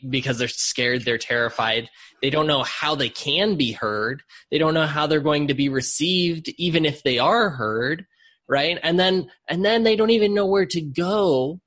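Husky man host, eager and emphatic. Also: a little high, a bit bright. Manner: enthusiastic, emphatic, repeats "right?" and doubles words. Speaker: podcast host. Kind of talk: interview chat.

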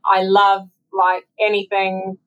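A woman's voice: mid-range voice, completely flat delivery, takes it slowly, a bit bright, highs cut off. A woman, telling personal stories earnestly as a guest author in an interview. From South Africa. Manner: earnest, heartfelt storytelling. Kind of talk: interview conversation.

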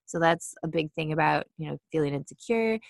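A woman giving a casual mindfulness talk, chatty and quick to act out inner thoughts in little voices. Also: deep voice, vocal fry, no echo, clean studio sound. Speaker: mindfulness speaker.

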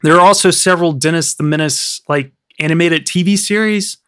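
Bright-voiced man, rambling. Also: on the high side, a little fast, clean tone. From United States. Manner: rambling, filler-heavy, recounts film history. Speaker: podcast co-host. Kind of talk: casual film podcast chat.

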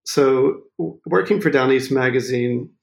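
A photographer from Maine tells a story during an interview, laughing a lot and acting out what people said. The man speaks in a gravelly, medium-pitched voice without hurrying.

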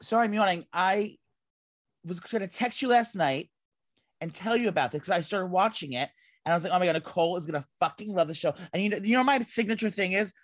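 A man's voice: high voice, quick pace, dry recording. A man co-hosting a podcast in casual chat, rambling with lots of fillers and restarts. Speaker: podcast co-host.

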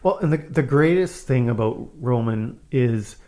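A man from Saskatchewan, Canada, telling a childhood story on a podcast, self-mocking and animated. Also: mid-range voice, unhurried. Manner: animated, self-mocking, acts out scenes in loud voices. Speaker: podcast host. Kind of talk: casual storytelling.

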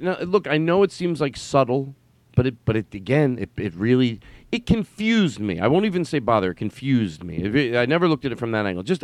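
With a mid-range voice and a dry, roomless recording, a man hosts a casual podcast chat, rambling and emphatic with some swearing.

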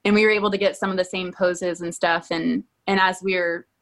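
A woman's voice: lowish voice, little pitch movement, a little fast, fairly bright tone. A woman guest candidly telling a personal story in an interview, talking conversationally. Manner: candid, conversational, many "like" fillers.

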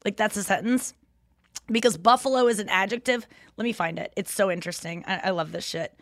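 A woman, co-hosting a podcast in casual, animated, rambling chat with frequent laughs. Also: mid-range voice, brisk, dry recording, clean studio sound. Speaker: podcast co-host.

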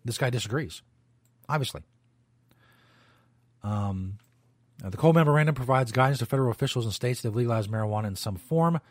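A man's voice: medium pitch, expressive, fast, long pauses, no echo, clean studio sound. A man hosting a talk radio show, rambling loosely and swearing as he comments. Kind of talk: casual talk radio monologue.

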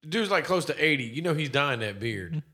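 A man in casual, profane chat with a friend, joking around and slipping into quick impressions. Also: on the high side, sing-song, bright, forceful tone.

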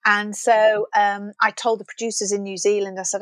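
A woman's voice: medium pitch, fairly quick, no room sound. A middle-aged woman, a guest in an interview, telling stories animatedly and acting out the lines of people she quotes. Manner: animated storytelling, acts out quoted dialogue. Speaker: guest, former children's TV presenter. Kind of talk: reminiscing interview chat.

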